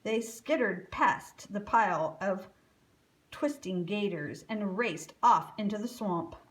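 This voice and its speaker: A woman reading a children's picture book aloud, slow and expressive. She lingers over each phrase at an unhurried, steady pace. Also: medium pitch, slight background noise, poor audio. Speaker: storyteller.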